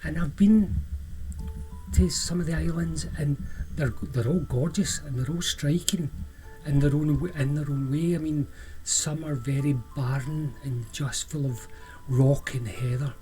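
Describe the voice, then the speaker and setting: A man with a Scottish accent telling a personal story in a relaxed, chatty way, often restarting and drawing out words. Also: fairly high pitch, unhurried, faint music behind, poor audio. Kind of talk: casual spoken storytelling.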